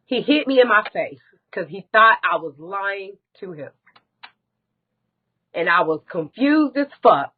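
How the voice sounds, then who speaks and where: A woman's voice: mid-range voice, animated, unhurried, narrow, tinny audio. A woman as a guest on a live stream, telling a painful personal story in a candid, blunt way and swearing often.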